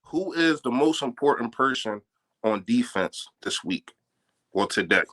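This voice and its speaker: A man's voice: mid-range voice, animated, a little slow, a bit bright. A man co-hosting a casual fan sports stream, talking emphatically and often repeating himself.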